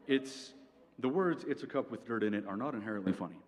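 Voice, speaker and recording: A man's voice: mid-range voice, animated, fairly quick. A young man performing a stand-up comedy set at a university venue, with a dry delivery like a lecture and frequent "okay?" asides. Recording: long hall reverb, faint ambience.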